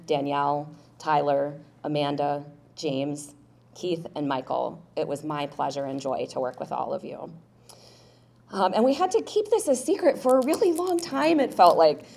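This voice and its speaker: A woman with a low voice that has a gravelly edge gives a formal introduction at a ceremony. She reads prepared remarks in a measured way and often drops in an um between phrases. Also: a little mellow. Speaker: ceremony presenter.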